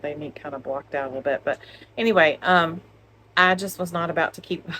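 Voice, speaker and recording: A low-pitched woman, heard over slight background noise, co-hosts a crochet vlog at home. Recorded on a phone camera, she keeps the chat casual, chatty and full of laughs and jokes.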